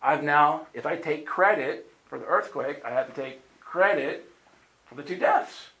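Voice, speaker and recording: A man's voice: a little high, lively intonation, a little slow, a bit bright. A man preaching to a live audience, telling a story and acting out the voices of the people in it. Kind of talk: storytelling sermon. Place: meeting room with audience. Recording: roomy hall sound.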